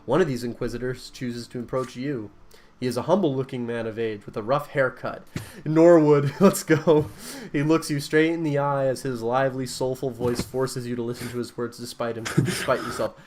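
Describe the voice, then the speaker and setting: A man's voice: mid-range voice, fairly even intonation, a little fast, a little hiss or hum. A man narrating a text game aloud with a friend, reading evenly between jokes.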